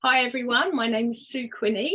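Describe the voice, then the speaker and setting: A woman's voice: fairly high pitch, slightly rough. Older woman telling her story over a tinny line. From Cornwall, England. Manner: unhurried, reflective storytelling with frequent ums. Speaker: guest. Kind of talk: personal story in a podcast interview.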